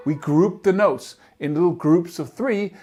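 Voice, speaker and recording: Speaking at a measured pace in a high-pitched voice, a man gives an instructional talk to camera on guitar picking technique. He is earnest and emphatic, frequently voicing rhythms as syllables.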